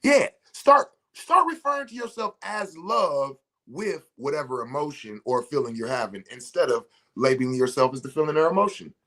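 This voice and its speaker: A man's voice: a little high, sing-song, moderate pace, few pauses, pushed and bright. A man leading a motivational spiritual talk, preaching emphatically and speaking straight to his listeners as a ceremony facilitator.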